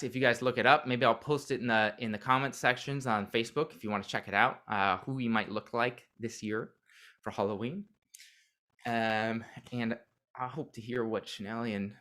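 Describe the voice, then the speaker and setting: A man's voice: medium pitch, bright, forceful tone. A man hosting a podcast livestream, chatting casually and rambling playfully while waiting for his co-hosts. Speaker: podcast host. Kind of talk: casual pre-show livestream chat.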